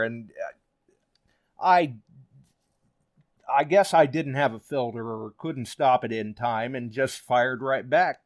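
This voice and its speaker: A man's voice: mid-range voice, takes it slowly, pauses often. A man hosting a casual online talk show, telling stories in a chatty, easygoing way. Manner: chatty storyteller, lively. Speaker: podcast host. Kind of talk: casual chat.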